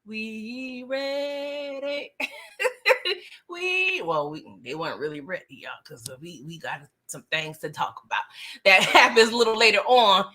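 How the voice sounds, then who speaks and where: Lively bright-voiced woman recapping TV. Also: medium pitch, normal speed. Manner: animated, slangy, laughs often. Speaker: TV recap host. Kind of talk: casual episode recap.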